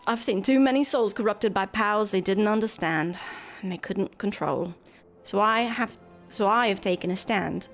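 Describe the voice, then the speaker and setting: Woman playing stern weary game receptionist, solemn, put-on accent, middle pitch. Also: normal speed, faint music behind, close to an everyday voice.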